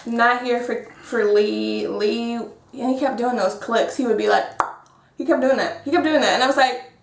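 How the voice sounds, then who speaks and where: A woman recapping a reality dating show as co-host, sassy and playful with quick asides. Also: a little high, creaky. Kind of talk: casual reality TV recap chat. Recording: echoey room.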